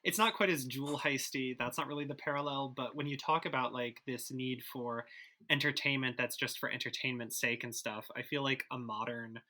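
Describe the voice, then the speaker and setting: Bright-voiced man musing loosely. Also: medium pitch, steady tone, a little fast. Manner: rambling, hedging with likes and ums. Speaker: podcast cast member. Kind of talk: casual discussion.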